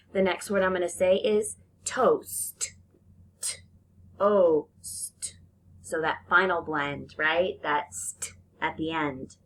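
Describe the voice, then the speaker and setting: A woman leads young children through a phonics lesson, stretching out the sounds and giving praise after each answer. Her pitch swings up and down a lot while she keeps a slow pace. A faint hiss sits under the camera-mic recording. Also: fairly bright tone. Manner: slow, sing-song teacher talk with drawn-out sounds and praise. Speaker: teacher.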